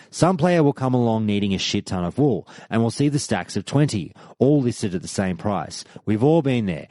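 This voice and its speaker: A man hosting a podcast, reading listener stories aloud with an animated storytelling delivery. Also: lowish voice, no room sound. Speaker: podcast host.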